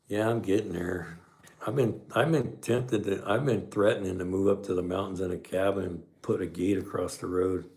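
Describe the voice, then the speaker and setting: A man's voice: low voice, steady tone, moderate pace, darkish tone. A middle-aged man hosting a podcast livestream, chatting casually and reading live comments in a laid-back way.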